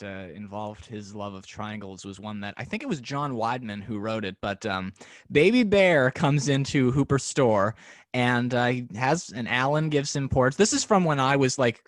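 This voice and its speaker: A man's voice: mid-range voice, no room sound. A young man hosting a podcast, eager and fanlike, chatting with a guest over a video call. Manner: eager, fanlike, quick to laugh. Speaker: podcast host. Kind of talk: casual interview chat.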